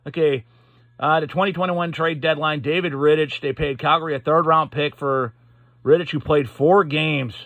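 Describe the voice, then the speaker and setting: A man's voice: a little high, fairly even intonation, fairly bright tone, dry recording. A man giving a casual, profane, exasperated hockey rant as a sports commentator, stumbling over his words. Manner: profane, exasperated, halting restarts. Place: Pittsburgh.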